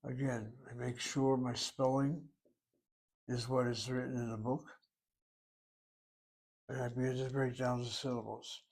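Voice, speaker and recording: A man's voice: medium pitch, level tone, a little slow, pauses often, a little mellow. A man teaching a recorded language lesson, working through each word aloud, step by step and methodically. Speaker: Hebrew teacher.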